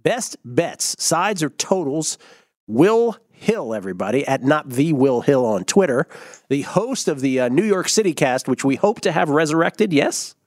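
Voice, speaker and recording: A man's voice: fairly high pitch, big pitch swings, a little slow, darkish tone, no echo, studio quality. A man hosting a sports betting show, upbeat and teasing, laughing often with his co-hosts. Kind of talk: casual sports betting chat.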